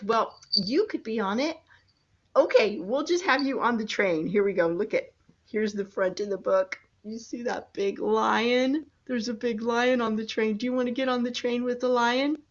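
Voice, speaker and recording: A woman's voice: on the high side, highs cut off. An older woman, a grandmother, reading a picture book to small grandchildren in a coaxing, sing-song way. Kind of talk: children's storybook reading.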